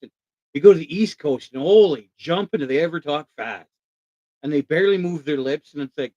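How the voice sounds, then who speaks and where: A man hosts a casual live stream with lots of enthusiasm. He puts on quick voices when he quotes people and talks back to viewers in the chat. His fairly high voice sounds dry and close to the microphone. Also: a little mellow, dry recording, poor audio. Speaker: live show host.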